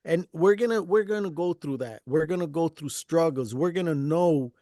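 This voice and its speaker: A man's voice: fairly high pitch, moderate pace, warm tone, dry recording, studio quality. A man hosting a casual heart-to-heart talk, earnest and encouraging, often repeating his phrases. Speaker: podcast host.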